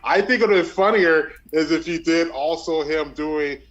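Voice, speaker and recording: A man's voice: a little high, normal speed, highs cut off. A man co-hosting a casual comedy podcast, chiming in with dry wisecracks. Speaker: podcast co-host.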